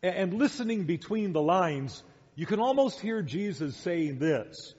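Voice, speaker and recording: A man's voice: high voice, expressive, unhurried, darkish tone, slightly rough. A man preaching a sermon as pastor, emphatic and full of rhetorical questions, heard in a dull echoey church hall recording.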